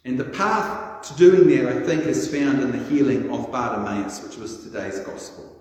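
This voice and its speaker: In a large, echoey church hall with long reverb, a man preaches a sermon, telling stories conversationally and acting out quotes. His voice is medium-pitched and darkish, at a normal speed.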